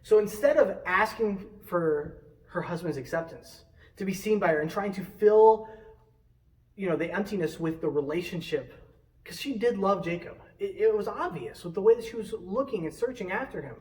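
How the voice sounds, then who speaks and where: Youthful-sounding male preacher, chatty and animated, slightly high, distant mic. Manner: animated, conversational preaching with quick asides. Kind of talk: casual youth sermon.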